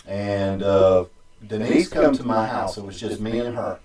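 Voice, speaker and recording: A man with a slightly mellow, lowish voice tells a long story casually and ramblingly, halting and restarting often and using many fillers. He sounds distant from the mic in a roomy, echoey space.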